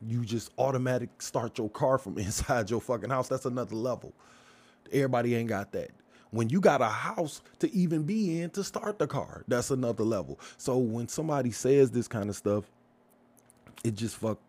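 A man's voice: mid-range voice, dark tone. A man giving a casual, profane rant as a vlogger, blunt and heated, firing off rhetorical questions.

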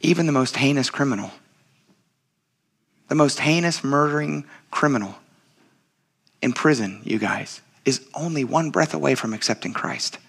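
Bright, earnest man preaching a sermon. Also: mid-range voice, moderate pace, creaky, pauses often, husky. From United States. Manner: earnest and conversational, often calling the congregation "you guys". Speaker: pastor.

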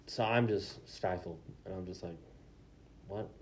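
A man's voice: low-pitched, a little slow. A young man co-hosting a casual podcast, telling a story with lots of swearing and acted-out quotes. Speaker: podcast co-host.

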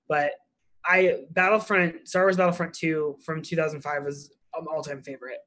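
A man in a casual chat speaks with a nostalgic air, using plenty of fillers. His voice sits a little higher than most men's. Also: steady tone, normal speed, sharp tone.

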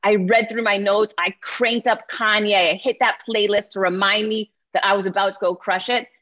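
A woman in her forties giving an energetic motivational keynote, often checking in with her listeners. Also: mid-range voice, moderate pace. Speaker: keynote speaker. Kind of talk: motivational speech. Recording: slightly muffled lo-fi sound.

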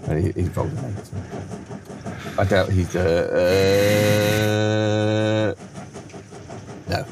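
A low-voiced man running a tabletop game as game master. He narrates in fits and starts, with lots of fillers and restarts as he works out what happens next. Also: completely flat delivery, extremely slow, background noise.

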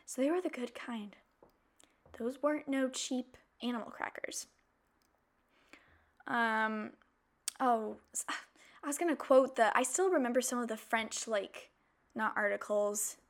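Chatty, high-voiced woman podcaster. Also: a little slow, pauses often. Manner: animated storytelling with playful asides and mock outrage. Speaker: podcast host. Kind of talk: casual chatty monologue.

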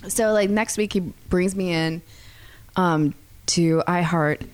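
A woman's voice: lowish voice, slow. A woman radio host casually telling a story in a sassy way, laughing often and acting out the voices of the people in it.

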